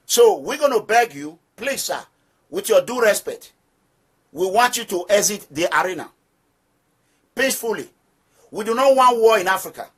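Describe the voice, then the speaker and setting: A man's voice: high voice, lively intonation, normal speed, long pauses, slightly rough. A man with a Nigerian accent, leading an activist movement and giving emphatic political commentary straight to his listeners, repeating phrases for stress. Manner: preaching address to listeners. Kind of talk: direct-address political commentary.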